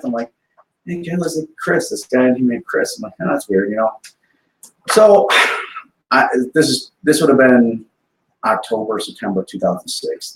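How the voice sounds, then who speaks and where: Casual male guest, rambling and chatty, heard from far off in an echoey room. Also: mid-range voice. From Wisconsin. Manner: rambling storyteller, many restarts. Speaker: podcast guest. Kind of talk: casual chat. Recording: echoey remote call with faint noise.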